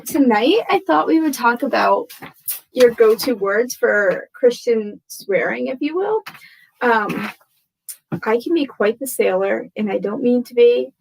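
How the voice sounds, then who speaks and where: A woman's voice: a little high, creaky, slight background noise, poor audio. A woman in her thirties chatting casually to camera from home, rambling and self-deprecating, tired and frazzled, laughing often. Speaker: vlogger. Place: home room with torn wallpaper.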